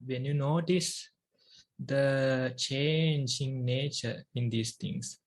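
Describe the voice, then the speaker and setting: A Buddhist monk with a Sri Lankan accent, Sinhala his first language, giving a meditation talk in slow, measured phrases with long pauses. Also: mid-range voice, fairly even intonation.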